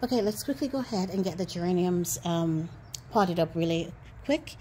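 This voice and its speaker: Outdoors with a little background noise, a woman hosts a gardening vlog, talking casually and playfully to the camera and poking fun at herself. Her voice is fairly low, expressive and warm at a normal speed, and she's chatty, calling her viewers beautiful people.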